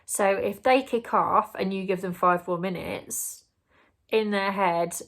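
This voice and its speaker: Woman with a gravelly voice. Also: medium pitch, fairly even intonation, slow pace, fairly bright tone. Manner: earnest, explanatory, acts out the parent's and child's words. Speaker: parenting vlogger. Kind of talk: advice monologue to camera.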